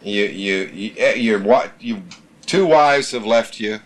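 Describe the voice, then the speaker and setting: A man's voice: fairly low pitch, slow. A man leading a small-group Bible study, teaching emphatically, repeating his points and reading scripture aloud.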